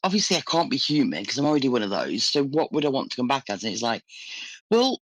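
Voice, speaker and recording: Playful woman with a lively voice. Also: rumbling low, fast talker, dry recording. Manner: hesitant, playful, thinks aloud. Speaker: podcast panellist. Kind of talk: casual panel chat.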